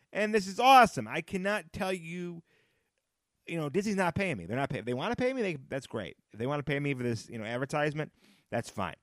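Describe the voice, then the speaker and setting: A man's voice: sits high, no room sound, studio quality. A man hosting a casual solo podcast, chatty and rambling, often laughing at his own jokes and repeating phrases for emphasis. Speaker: podcast host.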